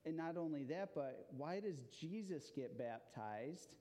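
A man's voice: a little high, measured pace. A man giving an interactive children's sermon in a church, asking the listeners questions as he goes. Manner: animated, asks the audience questions. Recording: long hall reverb.

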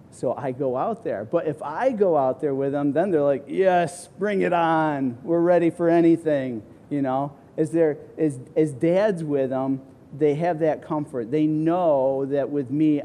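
A middle-aged man, a pastor, preaching a sermon and acting out the people he quotes with sudden high, loud bursts. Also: measured pace. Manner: acts out quoted voices with big pitch swings.

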